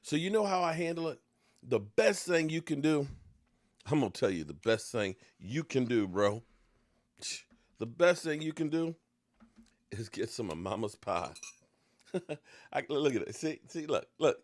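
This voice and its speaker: A man hosting a sports talk show, joking and ranting as he snacks on pie. His voice drops into low mutters, then jumps up in excited outbursts. The recording is dry and close. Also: unhurried, long pauses, no echo. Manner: eating pie while talking. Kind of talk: casual sports rant.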